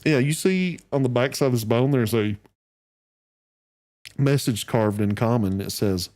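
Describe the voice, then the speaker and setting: A man narrating as dungeon master, in an easygoing, halting way with fillers. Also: medium pitch, darkish tone. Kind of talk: narrating a tabletop game.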